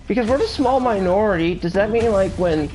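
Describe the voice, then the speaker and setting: A man's voice: sits high, animated, fairly quick, music in the background. An American man chatting casually on a podcast, telling crude stories with stammered restarts. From United States. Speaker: podcast co-host.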